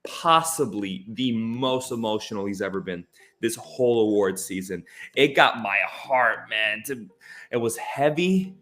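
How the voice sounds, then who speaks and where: Here a male podcast co-host discusses films casually, with lively intonation, a medium pitch, and a slightly bright voice at a measured pace. His delivery is passionate and emphatic, with lots of restarts.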